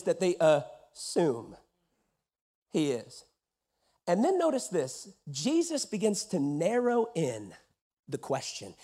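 High-pitched animated preacher man. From West Texas. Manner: animated preaching, swinging from loud to hushed. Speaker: pastor. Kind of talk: sermon. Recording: church.

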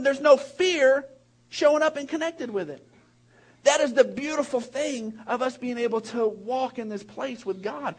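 A man preaching a sermon, animated and emphatic, with rambling asides, restarts and bursts of laughter. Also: very high-pitched. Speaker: pastor.

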